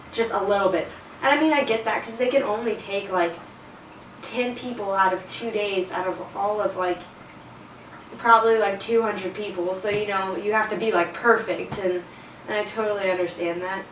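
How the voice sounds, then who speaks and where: A woman's voice: mid-range voice, fairly bright tone. A teenage girl telling a storytime in a chatty, casual way, full of fillers and self-conscious laughs. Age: teens. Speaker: vlogger. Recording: roomy, a bit distant, faint noise.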